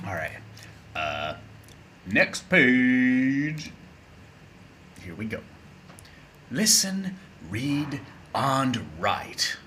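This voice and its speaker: A man's voice: mid-range voice, very animated, drawn-out words, pauses often, sharp tone, a little hiss or hum. A man teaching an English lesson in a casual, playful, chatty way, with spoken asides.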